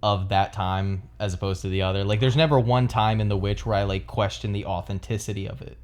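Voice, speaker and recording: Low-voiced young man chatting about films. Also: brisk. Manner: relaxed, hedging with many fillers. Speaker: podcast co-host. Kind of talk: casual film discussion.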